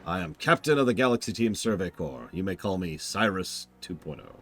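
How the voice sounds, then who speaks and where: Guy reading a stiff aloof captain from a game, formal, kinda low voice. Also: very animated, brisk, a bit bright, slight background noise. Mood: stern. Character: stern male captain of a survey corps, cold and formal.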